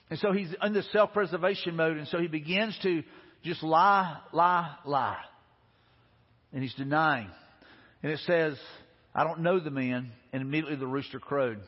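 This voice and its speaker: Male pastor, husky slightly high voice, earnest conversational sermon, long hall echo, dull lo-fi sound. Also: moderate pace. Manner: earnest, conversational preaching with repeated phrases. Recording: dull, echoey hall recording.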